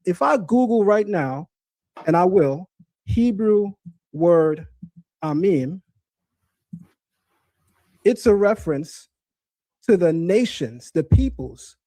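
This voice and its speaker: Male stream host, Hebrew teacher, insistent and emphatic, slightly high, mellow tone, dry sound. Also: expressive, slow, pauses often, no room sound. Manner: emphatic, insistent, repeats points to drive them home. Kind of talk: live-stream teaching and debate.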